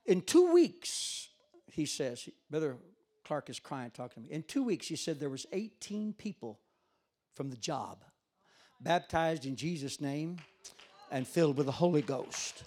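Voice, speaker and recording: Man, sermon storytelling, high-pitched, quoted dialogue, emphatic swells. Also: expressive, normal speed. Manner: retells a story with quoted voices, building to loud emphatic peaks. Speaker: preacher.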